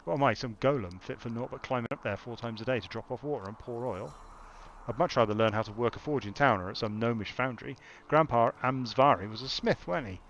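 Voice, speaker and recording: A man's voice: medium pitch, fast talker, a bit bright, muffled recording, slight background noise, natural voice. A man reading as a grumbling young journal writer. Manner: read aloud from a game journal, in a put-on accent.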